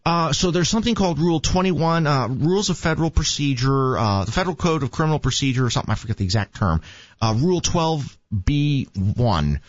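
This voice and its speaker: A man's voice: a little high, lively intonation, brisk, no echo. A man chatting casually, telling rambling joking stories. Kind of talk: casual chat. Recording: dull lo-fi sound.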